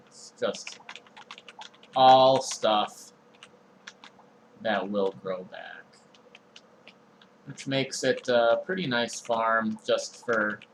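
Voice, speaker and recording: A young man streaming a game, talking through his inventory in a relaxed, meandering way with frequent ums and uhs. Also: lowish voice, slight background noise, low-quality recording. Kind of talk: casual let's-play commentary.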